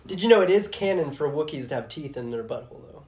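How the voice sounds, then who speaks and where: A man in casual chat who teases his friend, counts down the rounds and laughs loudly. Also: on the high side, lively intonation, fast talker, echoey room. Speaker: podcast co-host.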